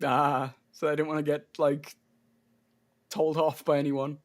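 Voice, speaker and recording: A man's voice: a little high, level tone. Jokey man trading banter. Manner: jokey, laughs often, quick banter. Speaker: watch-party co-host. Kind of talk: casual film commentary.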